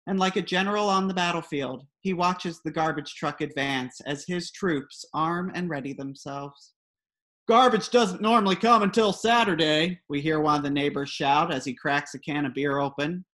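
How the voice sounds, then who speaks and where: A woman's voice: deep voice, fairly even intonation, moderate pace, few pauses, fairly bright tone. A woman reading her own comic personal essay aloud in a wry, dry storytelling manner.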